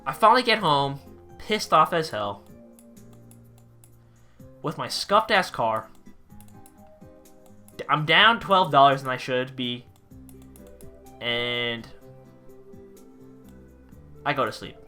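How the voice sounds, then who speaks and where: A young man with a bright, sharp voice rambles through a storytime rant, exasperated and casual. He swears offhandedly and keeps circling back to his point, over faint background music. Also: mid-range voice, animated, takes it slowly, long pauses. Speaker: vlogger, pizza delivery driver.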